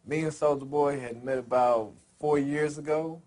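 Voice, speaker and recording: Measured man explaining in an interview. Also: on the high side, fairly even intonation, a little mellow. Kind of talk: reflective documentary interview.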